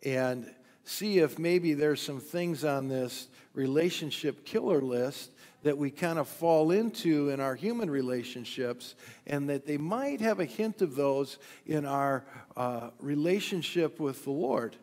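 A male pastor giving a sermon in a relaxed, conversational way, with lots of fillers and a touch of dry humor, recorded during a live-streamed church service. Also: on the high side, unhurried, in a large hall. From United States. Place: church sanctuary.

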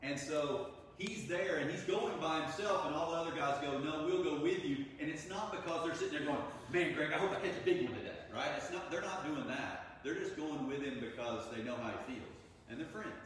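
Pastor telling stories in an echoey church. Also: male voice, fairly high pitch, slight background noise. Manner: conversational storytelling, acting out voices of the people in the story. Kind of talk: sermon. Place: church sanctuary. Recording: echoey room from far off, faint ambience.

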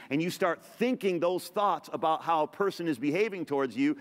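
A man preaching from the pulpit of a large church, his fairly high voice ringing with a long hall reverb. He talks emphatically, stacks up repeated phrases, and throws in quick asides to the congregation. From Middle Eastern background. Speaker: pastor. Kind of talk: sermon.

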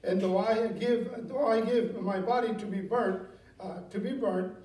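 A man's voice: high-pitched, unhurried, darkish tone. A man pastor preaching a Bible study sermon, reading verses aloud, asking the congregation questions and chuckling between points. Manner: conversational preaching, reads scripture aloud, asks the congregation questions; chuckles often, many fillers and self-corrections. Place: church sanctuary. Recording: echoey room, voice from a distance.

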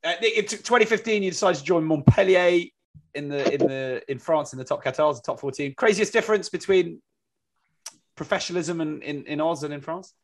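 A male podcast host putting a halting interview question to his guest. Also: on the high side, lively intonation.

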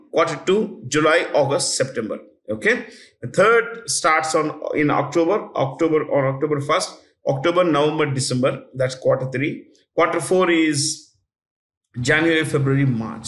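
A man lectures on current affairs, pausing to repeat names and numbers for students taking notes. His voice sits a little high for a man. The room around him gives a noticeable echo. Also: fairly bright tone. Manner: repeats key facts slowly for note-taking. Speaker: teacher. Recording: echoey room.

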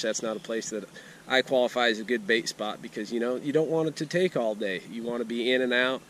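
A man's voice: medium pitch, fairly bright tone, slight background noise. A man hosting a casual fishing vlog outdoors, talking in an easygoing, self-amused way. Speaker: fishing channel host. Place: outdoors at a pond and at home with a bait tank.

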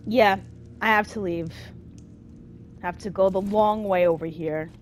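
A woman's voice: medium pitch, a little slow, slight background noise. A woman giving casual let's-play commentary as she plays, talking to herself and getting easily exasperated. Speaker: gameplay commentator.

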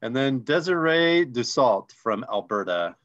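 A man co-hosting a casual online call, reading names in a relaxed, friendly, joking way. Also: medium pitch, a little slow, muffled recording, background noise. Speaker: co-host.

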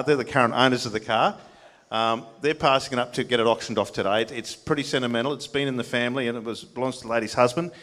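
An Australian man presenting at a car auction, explaining a car in a halting, rambling way. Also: mid-range voice, a bit bright. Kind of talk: casual live commentary. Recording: reverberant hall.

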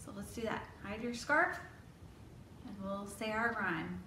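With a medium-pitched, pushed, bright voice at a measured pace, a woman librarian coaxes toddlers during storytime and asks them questions. It's recorded from a distance in an echoey library room, carrying some hiss or hum.

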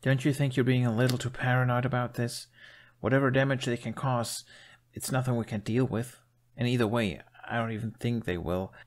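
A man's voice: mid-range voice, steady tone, a little fast, pitched above the performer's own voice, natural voice. A man reading a fan fiction story aloud, voicing an exasperated young man who argues in a pleading way.

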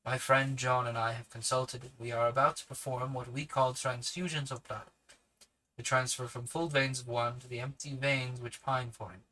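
A man voicing a grave, commanding elderly professor in a hushed, measured tone. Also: medium pitch, flat delivery, natural voice, low-quality recording. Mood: grave, kindly.

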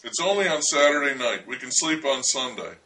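A man's voice: mid-range voice, expressive, fairly quick, pushed and bright, recorded from a distance, low-quality recording. A man voicing a pushy, self-assured young man who talks his friends into things, in a brash, breezy way.

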